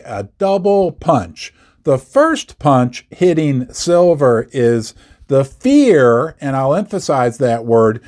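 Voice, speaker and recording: A man's voice: medium pitch, mellow. A man hosting a commentary video on the metals markets, talking emphatically, repeating words for effect and dropping sarcastic asides. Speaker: investment video host. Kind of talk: scripted commentary to camera.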